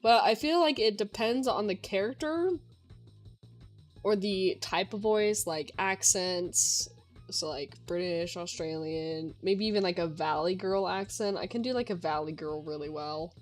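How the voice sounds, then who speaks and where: Young woman, streamer, casual Q&A chat, unhurried delivery, filler-heavy, faint music underneath. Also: mid-range voice. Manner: chatty, lots of filler words.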